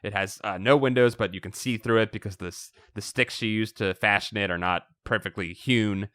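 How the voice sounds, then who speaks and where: A man co-hosting a podcast, recapping a story in casual chat, animated and laughing often. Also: fairly low pitch, brisk, no echo, clean studio sound. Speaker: podcast co-host.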